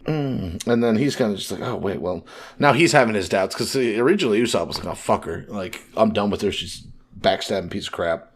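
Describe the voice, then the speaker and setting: A man co-hosting a casual podcast, retelling story scenes and quickly paraphrasing the characters' lines. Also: on the low side, lively intonation, slightly rough. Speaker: podcast co-host.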